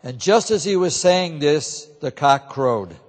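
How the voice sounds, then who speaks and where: A man narrating a scripture reading in a steady, solemn way, in a large church. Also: a little high, a little slow, heavy background noise. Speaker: reader. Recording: echoey church hall.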